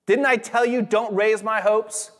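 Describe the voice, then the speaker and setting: A man voicing a desperate grieving mother, raising his voice high as he speaks her words. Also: fairly even intonation, a little slow, a bit bright, long reverb tail. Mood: pleading, anguished.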